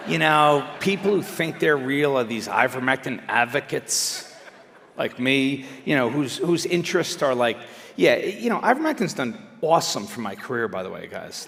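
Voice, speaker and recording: A middle-aged man giving an animated, conversational public speech, swinging between loud emphatic bursts and quiet asides. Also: mid-range voice, gravelly. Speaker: speaker at a live event. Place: large indoor venue. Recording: reverberant hall.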